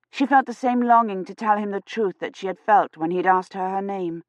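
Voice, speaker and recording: A woman narrating an audiobook in a measured, even storytelling manner. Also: mid-range voice, no room sound, dull audio. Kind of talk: scripted narration.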